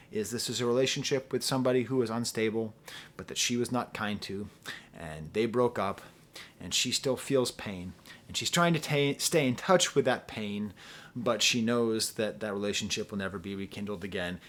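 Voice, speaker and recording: A middle-aged man giving a solo album review. His talk is animated and jokey, with sudden loud outbursts and low mutters. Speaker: music reviewer.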